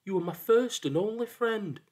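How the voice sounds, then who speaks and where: A man's voice: high voice, animated, moderate pace, darkish tone, pitched above the performer's own voice. A man voicing a brave, earnest young boy hero in a storybook reading. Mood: grieving.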